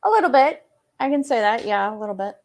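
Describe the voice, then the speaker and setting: A woman's voice: on the high side, animated, fast. A woman co-hosting a casual political chat, speaking in a blunt, plainspoken way.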